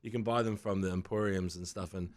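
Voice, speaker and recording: A New man on a podcast panel chatting casually about sport, animated and swearing, often breaking into quoted voices. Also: low voice, brisk, dry recording.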